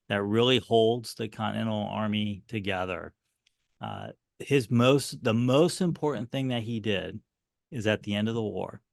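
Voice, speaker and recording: A middle-aged man telling history as an interview guest, animated and earnest as he talks. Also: on the low side, gravelly, no echo, clean studio sound. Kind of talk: interview answer, storytelling.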